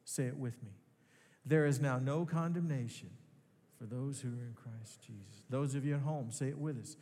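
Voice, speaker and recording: Pastor preaching in a reverberant hall. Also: male voice, mid-range voice, warm tone. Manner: earnest preaching with rising emphasis and slow pauses. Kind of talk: sermon. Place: large church hall.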